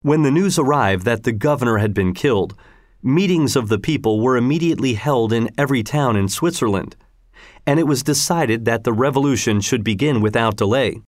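A man narrating a children's history story in a measured, expressive reading. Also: medium pitch, no room sound, studio quality.

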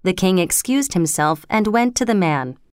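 Woman reading a story clearly. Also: lowish voice, lively intonation, normal speed, no echo, clean studio sound. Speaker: reader. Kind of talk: scripted narration.

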